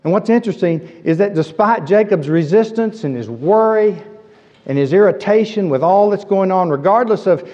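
Guy preaching a sermon, kinda high voice, repeats stuff for emphasis, muffled lo-fi recording. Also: lively intonation, normal speed, warm tone. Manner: emphatic, repeats key phrases. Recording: dull lo-fi sound with long hall reverb.

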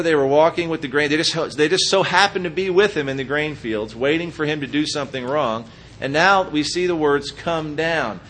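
A man preaching a sermon, walking the congregation through Bible passages with lively asides and acted-out quotes. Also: a little high, a little hiss or hum. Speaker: pastor.

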